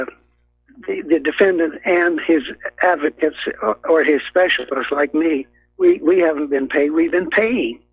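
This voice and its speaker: Husky male caller on a tinny phone line. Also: fairly high pitch, no room sound. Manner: halting, with many fillers and restarts. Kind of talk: call-in radio talk.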